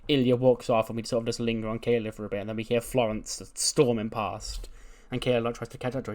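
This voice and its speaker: A man narrating his wrestling booking game playthrough in a loose, chatty voice of ordinary pitch. He rambles, corrects himself mid-sentence and laughs along as he recaps the show. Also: flat delivery, quick pace, darkish tone. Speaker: let's play host.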